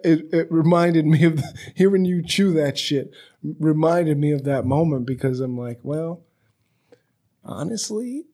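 A man hosting a podcast in loose, chatty conversation. His voice is husky and a little rough. He is profane and rambling, at a medium pitch. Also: dark tone. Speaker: podcast host. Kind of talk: casual conversation. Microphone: podcast microphone.

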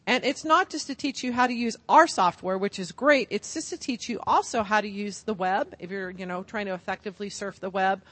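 A woman's voice: mid-range voice, a little fast, few pauses, fairly bright tone, no echo. A middle-aged woman giving an upbeat, chatty product presentation at a conference as a vendor.

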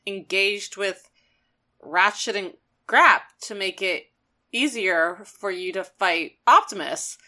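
A woman's voice: medium pitch, slow pace, bright, forceful tone. A woman voicing a confused, indignant male robot jet defending himself.

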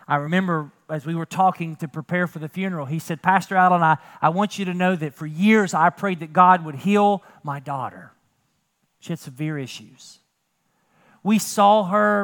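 A male pastor preaching a sermon in a church, moving from quiet storytelling to loud emphatic preaching. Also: high-pitched. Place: church sanctuary.

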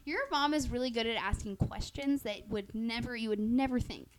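A woman co-hosting a casual chat podcast, telling animated, profanity-laced stories. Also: a little high, normal speed, a little hiss or hum. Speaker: podcast co-host.

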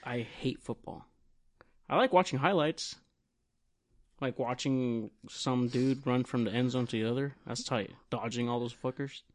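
A man in loose podcast banter, relaxed and a little crude. He often slips into short back-and-forth exchanges, playing both sides. His pitch sits at an ordinary middle level for a man. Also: unhurried. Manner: laid-back, profane, acts out quoted conversations. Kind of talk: casual chat.

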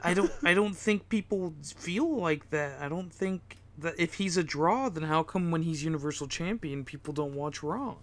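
A man's voice: a little high, normal speed, hardly any pauses. A man co-hosting a casual wrestling chat, laid-back and agreeable. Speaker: podcast co-host.

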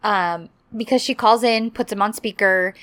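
A woman's voice: medium pitch, moderate pace, dry recording. Dry-sounding woman recapping episodes. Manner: animated retelling, acting out characters' lines. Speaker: podcast co-host recapping a drama. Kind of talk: casual chat.

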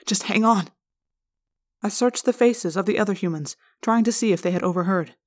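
A woman narrating a fan read-aloud chapter in an expressive style, recorded in a hotel room. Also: mid-range voice, fast.

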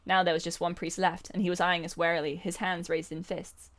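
A woman's voice: fairly low pitch, level tone, brisk, a bit bright. A woman reading a novel aloud as a comedy bit, often breaking into laughter. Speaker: reader.

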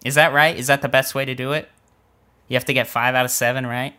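A man's voice: mid-range voice, level tone, quick pace, bright, forceful tone, clear, resonant tone. A young man co-hosting a casual podcast, teasing and self-deprecating as he runs a game. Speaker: podcast co-host.

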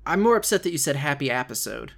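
A man hosting a wrestling podcast, chatting casually and joking with his co-host, talking fast and with enthusiasm. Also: on the high side, sing-song, creaky.

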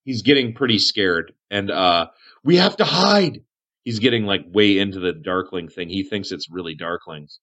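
A man's voice: deep voice, moderate pace, few pauses, fairly bright tone. Man running a tabletop game, dull audio. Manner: casual, describes actions with fillers. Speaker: game master.

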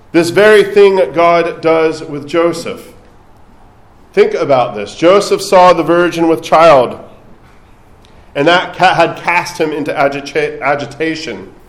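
Slow-talking priest in an echoey church. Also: male voice, a little high. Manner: conversational preaching with light asides. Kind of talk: sermon.

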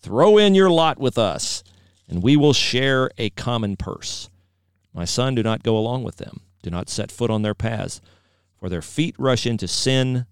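A man co-hosting a faith podcast, reading scripture aloud in a measured way. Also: medium pitch, clean tone, no echo, studio quality. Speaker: podcast co-host.

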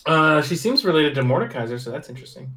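A man hosting a laid-back podcast in a slightly raised voice, easygoing and quick to laugh. He chats loosely with his co-host rather than reading a script. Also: a little high, very animated, pushed and bright. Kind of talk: casual podcast chat.

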